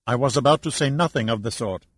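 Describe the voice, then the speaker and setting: A man voicing a calm, smooth-talking government official in an audiobook. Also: medium pitch, fast talker, no echo, close to an everyday voice. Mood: evasive.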